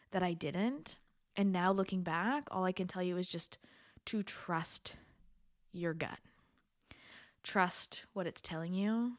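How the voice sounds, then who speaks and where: A young adult woman with a fairly low-pitched voice hosts a solo podcast, chatting casually and earnestly, laughing often and repeating words for emphasis. She has the hiccups. The sound is clean studio audio with no room sound.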